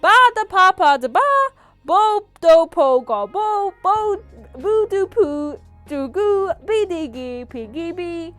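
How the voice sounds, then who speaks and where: A hammy speech coach delivers a mock lesson loudly and emphatically, as a woman puts on an accent. Her voice sits high and swoops widely, with faint music behind. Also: expressive, slow, no room sound, full character voice. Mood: mock-earnest. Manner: loud, emphatic mock-instructional reading.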